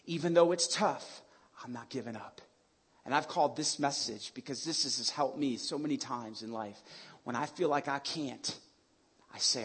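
A man's voice: medium pitch, normal speed, fairly bright tone, slightly rough. A man in his thirties or forties preaching a sermon in a conversational, playful way, calling on the audience to answer back. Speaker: pastor.

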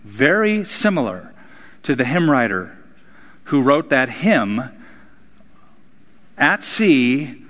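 A man's voice: mid-range voice, sing-song, slow, pauses often, a bit bright. A man preaching a sermon, his voice rising and dropping for emphasis. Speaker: pastor. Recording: hall reverb.

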